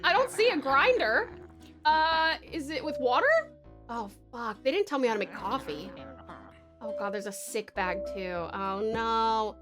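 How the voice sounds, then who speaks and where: A woman's voice: on the high side, expressive, measured pace, over music. An Australian woman from Tasmania streaming a game, frantic, swearing a lot and laughing often. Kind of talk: casual gameplay commentary.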